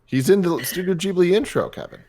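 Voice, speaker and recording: A man's voice: high voice, expressive, a little fast, warm tone. A man hosting a casual chat show, upbeat and gushing, running through plugs and opinions. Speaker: host.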